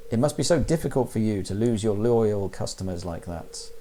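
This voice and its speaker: A man voicing a smug, scheming male corporate salesman from a farming video game, in a gloating sales-pitch manner. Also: animated, normal speed, dark tone, slight background noise, natural voice.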